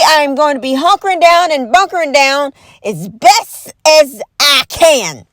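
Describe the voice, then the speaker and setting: High-voiced woman on an animated comedic rant. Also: a little slow. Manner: animated and exaggerated, slips into mock voices; folksy and emphatic, with repeated catchphrases. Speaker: vlogger.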